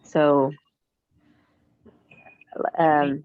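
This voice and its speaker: Female learner, hesitant and tentative, low-ish voice, dry dull call line. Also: flat delivery, extremely slow, no echo. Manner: hesitant, unsure of the words. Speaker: student. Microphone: video call.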